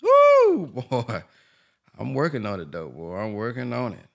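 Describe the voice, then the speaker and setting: Lively gravelly man hosting, quick to laugh. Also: fairly low pitch. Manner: lively, laughing, Southern-style colloquial. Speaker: host. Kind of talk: casual call-in hosting.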